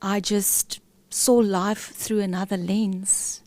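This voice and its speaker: A woman's voice: medium pitch, level tone, takes it slowly, darkish tone, no echo. A middle-aged woman, a podcast guest, telling a candid, emotional personal story with many fillers and restarts.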